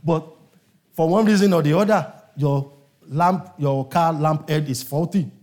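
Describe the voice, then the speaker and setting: Guy preaching a sermon, pretty high voice, keeps repeating lines for emphasis and asking the church to answer. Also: measured pace, a little mellow. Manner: emphatic, repetitive preaching with calls to the congregation.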